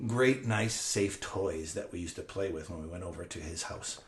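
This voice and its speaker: Man in his fifties, lively storyteller, low voice, echoey room. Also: normal speed. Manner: animated, laughing, acts out scenes. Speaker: podcast guest, former teacher and coach. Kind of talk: casual storytelling.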